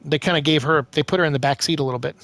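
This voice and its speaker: A man giving casual let's-play commentary, exclaiming loudly as he plays. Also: on the high side, racing, dry recording. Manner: excitable, loud bursts of exclaiming while playing. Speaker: gaming streamer.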